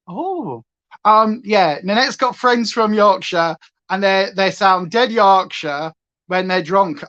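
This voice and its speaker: On her makeup livestream, a Hampshire woman with a clipped, near-standard southern English accent rambles chattily, drifting into tangents and filling gaps with lots of fillers. She speaks slowly at a medium pitch, her tone a bit bright, with the high frequencies cut off.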